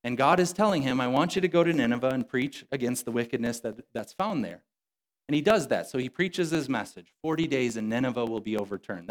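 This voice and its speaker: A male pastor giving a sermon in a relaxed, conversational tone, sometimes acting out quoted lines in casual speech. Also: mid-range voice.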